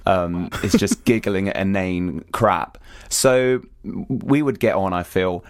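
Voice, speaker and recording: A man co-hosting a podcast in casual chat, hoarse from singing, talking enthusiastically with little giggles. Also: low-pitched, takes it slowly, dry recording, clean studio sound. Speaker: podcast co-host.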